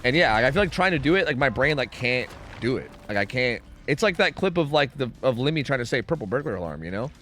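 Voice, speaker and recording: A man's voice: medium pitch, very animated, quick pace, hardly any pauses, a bit bright. A young American man chatting casually while streaming a game, rambling, swearing and humming to himself. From United States. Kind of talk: casual gaming livestream chat.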